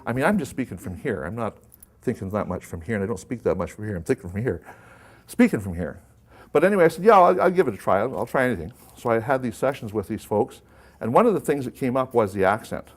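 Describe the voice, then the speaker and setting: A man's voice: on the low side, sing-song, fast. A man presenting a live workshop to an audience, talking conversationally and putting questions to the room.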